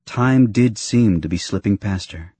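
A man narrating a novel in a measured storytelling manner. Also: on the low side, mellow, husky, no room sound. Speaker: audiobook narrator. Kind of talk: scripted narration.

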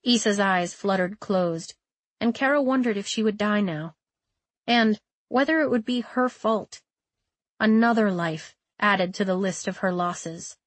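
Woman narrator for a dramatic novel, mid-pitched, dead-dry close mic. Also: a little slow, dry recording. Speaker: audiobook narrator. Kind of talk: scripted narration.

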